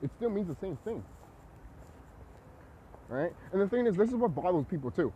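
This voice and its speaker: A man with a high voice vlogs in an agitated, preachy monologue. He swears freely and keeps repeating himself. His pitch leaps around with lively swings. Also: moderate pace, dull audio, slight background noise. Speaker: vlogger. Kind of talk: ranting monologue to camera.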